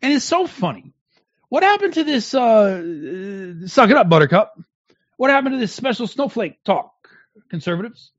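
Casual: high-pitched guy on a stream, ranting and sneering, swoops all over, dull dry audio. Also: moderate pace, dry recording. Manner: animated, mocking rant. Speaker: guest. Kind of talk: heated livestream commentary.

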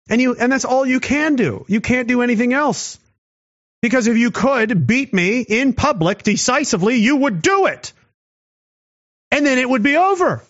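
A man hosting his own show, delivering a sarcastic, combative monologue to camera, swinging from low muttering to raised challenges. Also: fairly bright tone, no echo, dull audio. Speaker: commentary show host.

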